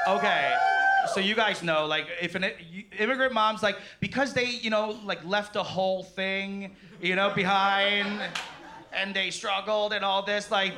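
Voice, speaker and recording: A man in his thirties doing a stand-up comedy set on a club stage, animated and crude, often laughing mid-sentence. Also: high voice. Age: 30s. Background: laughing audience.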